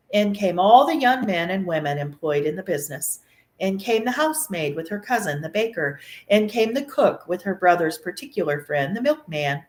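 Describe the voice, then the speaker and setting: A woman reading a classic novel aloud with expressive, animated storytelling, in a room of an old mansion. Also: fairly low pitch. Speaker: reader. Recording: echoey room.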